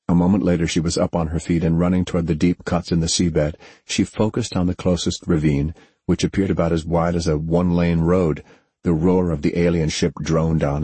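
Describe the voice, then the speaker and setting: A man reading a story aloud as a narrator, in a steady, measured way. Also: low-pitched, slightly rough, no echo. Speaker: audiobook narrator. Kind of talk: scripted narration.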